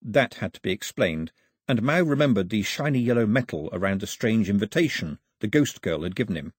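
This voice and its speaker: A man narrating an audiobook as a lively storyteller, in a husky voice, recorded on a close studio mic. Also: lowish voice, a little fast, no room sound. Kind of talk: scripted narration.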